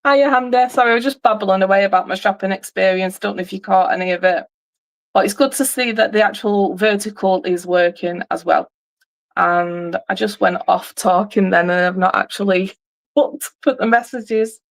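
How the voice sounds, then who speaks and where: A woman's voice: medium pitch, normal speed. A middle-aged woman, host of a livestream, chatting casually and telling a rambling story with many restarts.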